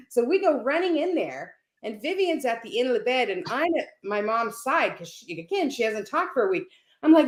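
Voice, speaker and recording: A woman's voice: on the high side, big pitch swings, brisk. Earnest woman telling a heartfelt story. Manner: earnest storyteller, frequent "right?" and "you know". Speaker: guest on a panel talk. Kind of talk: storytelling in casual conversation. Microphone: video call. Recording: roomy echo.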